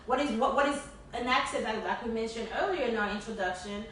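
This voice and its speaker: A woman's voice: a little high, quick pace, a bit bright, a little hiss or hum. Earnest Haitian-accented woman, echoey room. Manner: earnest, stumbles and repeats words while thinking. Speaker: podcast co-host. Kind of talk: casual podcast discussion. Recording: echoey room, distant mic.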